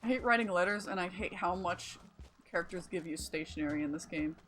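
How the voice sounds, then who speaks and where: A woman's voice: lowish voice, fairly quick, fairly bright tone. Chatty woman streaming a cozy game. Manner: chatty, rambling, casual swearing. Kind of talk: casual gameplay commentary.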